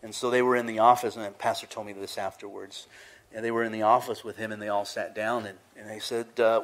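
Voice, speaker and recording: A man's voice: on the low side, fairly even intonation, fast. A male pastor, preaching a casual, conversational sermon full of laughs and acted-out asides.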